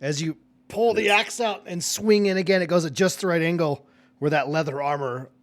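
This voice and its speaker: A man's voice: fairly high pitch, normal speed. A man running a tabletop game as dungeon master, narrating animatedly with many fillers.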